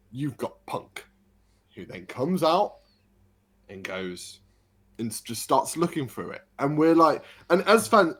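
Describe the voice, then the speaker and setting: A man, a podcast co-host telling an excited story in casual chat. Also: mid-range voice, breathy edge. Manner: excited storytelling, animated retelling.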